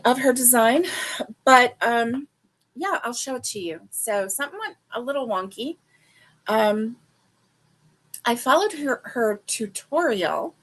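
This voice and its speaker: A woman hosting a casual crochet livestream. She chats with viewers and rambles with lots of fillers. She sounds a little sleepy. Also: fairly high pitch. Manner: chatty and rambling, with many fillers; talks to viewers directly.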